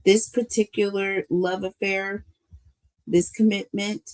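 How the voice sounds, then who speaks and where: A woman's voice: medium pitch, level tone, slow pace, darkish tone, poor audio. An older woman, a grandmother, giving a live tarot reading to her viewers in an emotional, preachy way and calling them y'all. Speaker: tarot reader.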